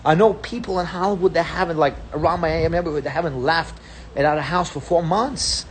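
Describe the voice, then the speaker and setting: A man's voice: fairly high pitch, fairly quick, a little hiss or hum. A man with a Russian accent, a native Russian speaker, giving a heated, profane rant as host of his own channel. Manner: profane, repetitive, ranting.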